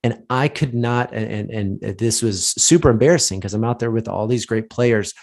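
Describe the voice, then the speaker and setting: A man's voice: lowish voice, normal speed, creaky, a little mellow. Chatty man telling a story. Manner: chatty storytelling with many fillers and restarts. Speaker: podcast host, lawyer. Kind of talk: casual motivational talk.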